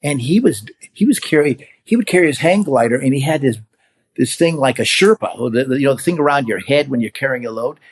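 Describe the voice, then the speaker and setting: An older man in his seventies, a longtime hang glider pilot, talks casually as an interview guest. He spins stories with plenty of energy, slipping into the voices of the people he is describing. His voice sits at an ordinary middle pitch. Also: brisk, slightly rough. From California. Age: 70s. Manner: animated storyteller who acts out quoted voices.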